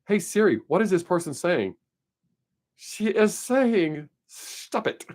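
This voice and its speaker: Man, live stream host, casual chat, rambling and opinionated, slightly high voice. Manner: rambling, opinionated, laughs often. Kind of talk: casual chat answering viewer comments.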